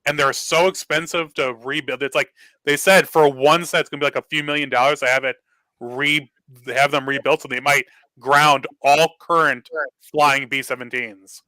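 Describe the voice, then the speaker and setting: Bright-voiced man telling a story. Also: fairly high pitch, moderate pace, no echo, rough recording. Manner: animated storyteller acting out quoted dialogue. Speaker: guest. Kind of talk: casual storytelling on a live talk show.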